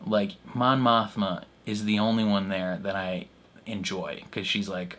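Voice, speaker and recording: Chatty young man reacting, slightly low. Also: expressive, a little slow, a bit bright, a little hiss or hum. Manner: rambling, laughs often, many fillers. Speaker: reaction video host. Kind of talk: casual excited commentary.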